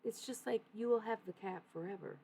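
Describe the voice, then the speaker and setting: A woman doing a calm old Swiss scientist. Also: medium pitch, brisk, breathy edge, pitched above the performer's own voice, rough recording. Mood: reassuring.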